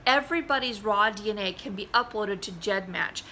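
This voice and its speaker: A middle-aged woman chats to her camera in a loose, meandering way, full of ums and restarted sentences. Her voice is bright and forward, and a faint hiss of background noise runs under it. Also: medium pitch, normal speed, low-quality recording. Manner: rambling, many fillers and restarts. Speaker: vlogger. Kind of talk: casual talk to camera.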